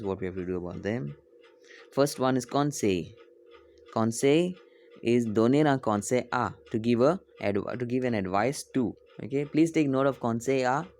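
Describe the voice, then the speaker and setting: Guy teaching a french poem, reads slow, repeats lines, fixes his own slips. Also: lowish voice, darkish tone. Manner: reads slowly, repeats and translates each line, self-corrects.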